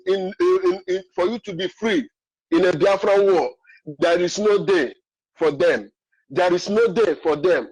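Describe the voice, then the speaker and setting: A man with a Nigerian accent and a notably high voice calls in over the phone. He speaks emotionally and pleads, circling back to the same questions again and again. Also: low-quality recording. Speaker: caller. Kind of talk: impassioned call-in. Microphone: phone call.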